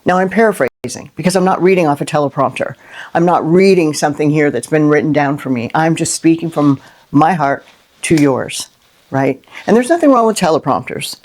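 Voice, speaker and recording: A middle-aged woman hosting a Christian inspirational video, talking unscripted and from the heart, with lively rhetorical questions and frequent "right?". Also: sits low. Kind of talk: unscripted heartfelt monologue to camera.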